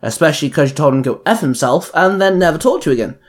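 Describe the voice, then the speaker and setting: A man's voice: fairly high pitch, animated, very fast, lightly acted. A man voicing a cocky teenage boy sidekick who teases and jokes in a fan audio story. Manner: teasing, cheeky.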